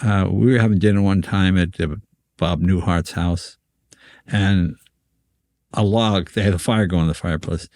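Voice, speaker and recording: An older man, a comedian guest on a podcast, telling show business stories and acting out voices, with quick stammering restarts. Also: sits low, steady tone, a little mellow, dry recording. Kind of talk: anecdotal storytelling on a podcast.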